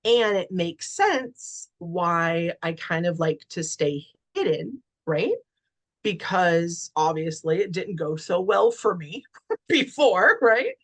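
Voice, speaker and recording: A middle-aged woman, a podcast guest, telling a personal story in a chatty way, with lots of "right?" and "like". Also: on the low side. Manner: chatty, many fillers like "right?" and "like". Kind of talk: casual storytelling.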